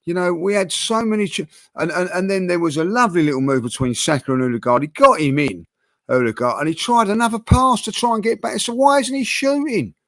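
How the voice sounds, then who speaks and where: The host of a football fan channel, a man with a high voice, talks fairly quickly in a casual debate with his co-hosts. He is passionate and animated, leaning heavily on fillers and restarts. No room sound is audible.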